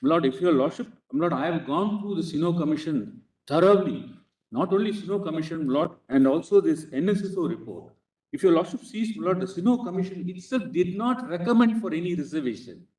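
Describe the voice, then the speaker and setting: A man's voice: fairly high pitch, expressive, brisk, darkish tone. A man with an Indian English accent arguing formally before a court bench, insistently addressing the judges as "Lord" in almost every phrase. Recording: echoey courtroom, speaker far from mic.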